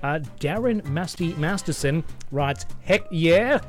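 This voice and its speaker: A man hosts a radio show in a chatty, easygoing way and laughs easily. His voice sits a little high. A faint music bed plays behind him. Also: expressive, slow. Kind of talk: casual radio chat.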